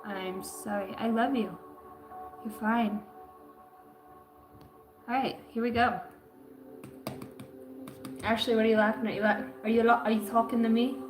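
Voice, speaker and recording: A woman's voice: a little high, steady tone, a little slow, long pauses, echoey room, over music, low-quality recording. Profane, rambling woman reading the zodiac. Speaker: astrology card reader.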